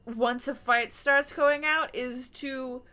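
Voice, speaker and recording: A woman voice actor chatting casually while streaming a game, animated, laughing often and swearing freely. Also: high voice, takes it slowly, clear, resonant tone. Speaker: streamer playing a narrative game. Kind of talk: casual chat and reading game text aloud.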